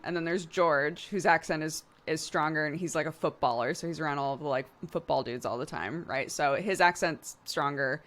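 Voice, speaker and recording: A woman's voice: sits low, fairly bright tone. A young adult woman streamer chatting casually with her viewers, full of fillers and frequent laughter. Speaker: streamer reading chat. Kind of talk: casual chat.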